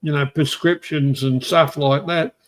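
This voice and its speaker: An Australian man hosting a casual live-stream chat, halting and stammering through his points, with casual swearing. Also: on the high side, fairly even intonation. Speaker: stream host.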